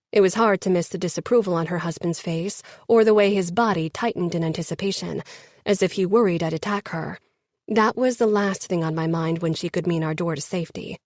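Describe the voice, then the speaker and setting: A woman reads a first-person romance audiobook in a steady, scripted way. Her voice sits at a middle pitch, and the recording is close and dry with no room sound. She nudges her pitch up a little when speaking as the characters. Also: no echo. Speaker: audiobook narrator.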